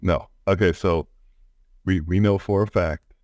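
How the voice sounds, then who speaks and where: A man's voice: low-pitched, fairly even intonation, a little slow, a little mellow, no echo. A man chatting casually as a podcast co-host, often stumbling and repeating his words. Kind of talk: casual chat.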